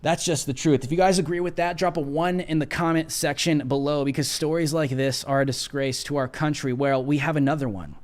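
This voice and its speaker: A man's voice: on the high side, brisk, hardly any pauses. A man hosting a political livestream, reading a news article aloud with emphatic, sarcastic asides. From United States. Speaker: political commentary host.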